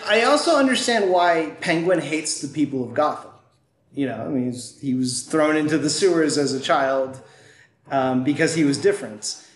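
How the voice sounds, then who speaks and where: Podcast cohost guy, kinda high voice, agreeable, trips over restarts, echoey room. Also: normal speed, a little hiss or hum. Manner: agreeable, backchannels a lot, stumbles on restarts. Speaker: podcast co-host. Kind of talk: casual film discussion. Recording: roomy echo.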